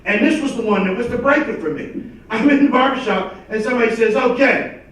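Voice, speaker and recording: High-voiced, punchy stand-up comic man. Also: fairly quick, a bit bright. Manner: punchy, emphatic delivery. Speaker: stand-up comedian. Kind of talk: stand-up comedy set. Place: comedy stage at a charity show, live audience. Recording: echoey room, distant from the mic.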